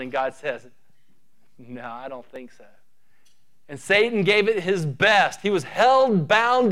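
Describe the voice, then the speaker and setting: A male pastor preaching an animated sermon, building to emphatic rising runs and dropping to quiet asides. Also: on the high side.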